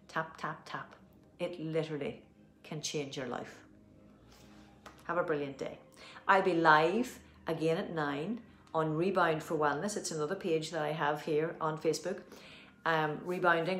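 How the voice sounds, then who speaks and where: Low-voiced Irish woman guiding tapping. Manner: slow, soothing affirmations with spoken instructions. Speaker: tapping practitioner. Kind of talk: guided tapping session, live video. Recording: roomy echo.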